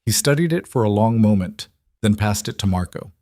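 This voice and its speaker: A man reading a dramatic story as narrator in a measured, even way. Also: lowish voice, no echo, studio quality.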